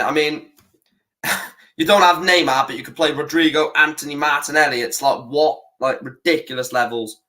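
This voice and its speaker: A young man hosts a live football watch-along, talking casually and swearing freely. His voice sits a little high and comes out bright and forceful as he rants about the referee. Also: steady tone, normal speed.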